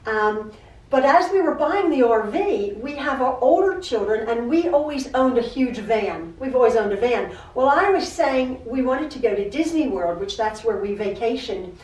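Middle-aged woman, quilting-channel host, slightly high voice; rambling chat with stammers, mic set back in an echoey room. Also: expressive, moderate pace, a little mellow, distant mic. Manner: chatty, repeats herself, stammers and restarts. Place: home sewing room.

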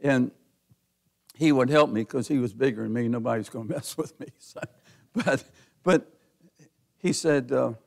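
A middle-aged man preaching a sermon as pastor, folksy and given to chuckles, rising to near-shouting as he presses his points. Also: medium pitch, normal speed, creaky, long pauses. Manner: folksy, laughs often, builds to near-shouting.

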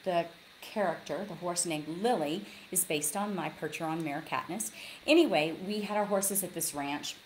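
Low-voiced woman telling lively stories. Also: moderate pace, a little hiss or hum, rough recording. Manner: animated storyteller, acts out quotes. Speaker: author guest. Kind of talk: casual interview chat. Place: large log cabin lodge. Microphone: video call.

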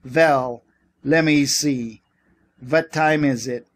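A man voicing an excitable male art dealer with a heavy put-on Yiddish accent, sputtering and haggling. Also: medium pitch, very slow. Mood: wheedling. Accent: Yiddish-accented English, put on.

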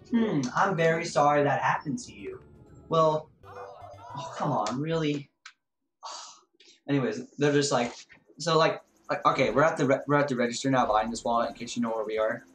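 A mid-range voice at a moderate pace tells a store story on a gaming stream. The delivery is rambling and casual, full of fillers and "man," set against game music in an echoing room.

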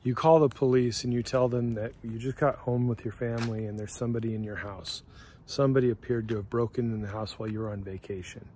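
A man hosting his channel, narrating a story in the second person in a steady, plain-spoken way. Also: medium pitch, slightly rough. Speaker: host.

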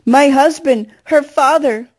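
A woman's voice: high voice, moderate pace, mellow, pitched above the performer's own voice, natural voice. A woman reading a novel aloud, voicing a grieving mother who pleads and wails. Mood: wailing. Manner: pleading, wailing. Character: grieving, frantic middle-aged mother.

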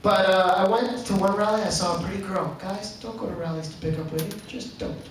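High-voiced Canadian stand-up comedian in a club. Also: male voice, fairly quick. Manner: deadpan storytelling with acted quotes. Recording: echoey club, distant mic, audience noise. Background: audience laughter.

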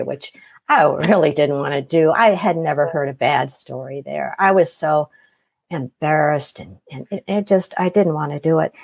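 Her voice is low-pitched, creaky and husky: a middle-aged guest casually describing how she nearly died. Along the way she imitates the voices of the people in her account.

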